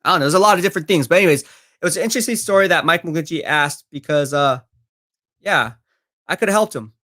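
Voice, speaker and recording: Bright-voiced confident sports streamer man. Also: on the high side, lively intonation, fast. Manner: confident, chatty, addresses viewers as bro. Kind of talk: live stream chat reading.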